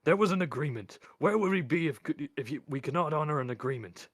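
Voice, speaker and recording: A man putting on a gruff old wizard servant, louder and a touch higher than the reader's own low voice, grumbling and defensive in a dry close recording. The old man sniffs and bristles as he talks. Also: moderate pace, dry recording. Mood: pleading.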